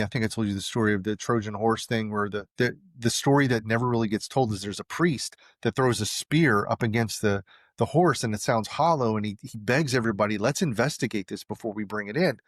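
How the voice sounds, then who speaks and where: A man's voice: lowish voice, no echo, clean studio sound. A man being interviewed, telling a story in a casual way and acting out the lines of the people he quotes. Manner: animated, acts out quoted dialogue. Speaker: interview guest.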